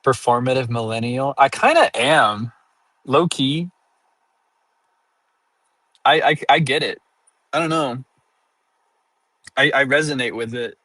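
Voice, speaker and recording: A man's voice: mid-range voice, bright, forceful tone, dry recording. A young man streaming live, rambling casually and laughing at his own jokes. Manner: rambling and self-amused, laughing often. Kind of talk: casual livestream chat.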